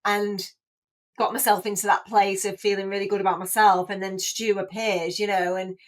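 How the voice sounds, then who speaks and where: Her mid-range voice barely moves in pitch, and she keeps a moderate pace. A podcast guest in her forties, she tells her story as casual chat: chatty and emotional, with frequent restarts and plenty of "like."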